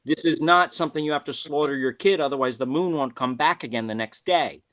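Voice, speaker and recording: A man's voice: on the high side, fairly quick, fairly bright tone. A man talking earnestly on a panel, explaining at length with restarts. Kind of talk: casual group discussion.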